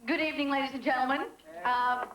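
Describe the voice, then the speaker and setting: A woman's voice: high-pitched, fairly even intonation, fast, noisy background, lightly acted. An actress playing a middle-aged woman in a soap opera, hesitant and joking as she tries amateur stand-up. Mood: nervous. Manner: hesitant, with ums and laughs on stage. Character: flustered, witty woman trying amateur stand-up. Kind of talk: 1990s daytime soap acting. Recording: echoey room with music behind.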